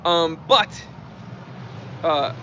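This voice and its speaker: A man's voice: on the high side, expressive, extremely slow, bright, forceful tone, a little hiss or hum. A man hosting a casual live stream, chatting and reading out and thanking viewer comments. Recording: dull lo-fi stream audio.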